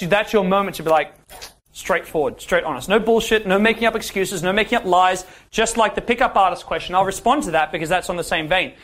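A man leads a dating workshop in a high, slightly bright voice. As a coach, he's direct with the class, asks them questions, and tends to finish each point with "yeah?"

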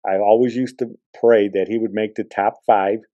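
A man's voice: on the low side, steady tone, normal speed, dry recording, phone-quality sound. A man hosting a podcast, telling rambling personal stories in a casual, conversational way. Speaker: podcast host. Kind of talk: casual storytelling.

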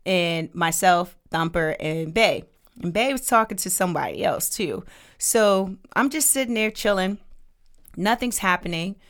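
A woman co-hosting a podcast, telling a story in casual chat, animated and often laughing as she acts out what people said. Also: on the low side, unhurried. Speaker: podcast co-host.

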